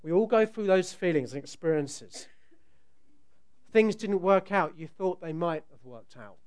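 This middle-aged preacher has a resonant, smooth voice that rides a bit high, and he seems to be addressing a congregation through a mic. His unhurried sermon is full of lively storytelling, with sudden loud bursts whenever he dramatizes a scene.

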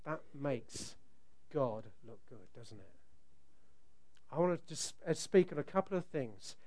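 A middle-aged man preaching a sermon, telling a family story with animated, sometimes loud delivery. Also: medium pitch, unhurried. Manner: animated storytelling, rising to loud outbursts when acting out scenes.

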